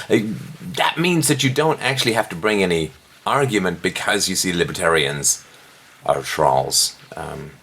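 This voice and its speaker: A middle-aged man hosting a podcast, reading an article aloud and mocking it, with theatrical jumps in pitch when he scoffs. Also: a bit bright, slight background noise. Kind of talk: sarcastic commentary on a read-aloud article.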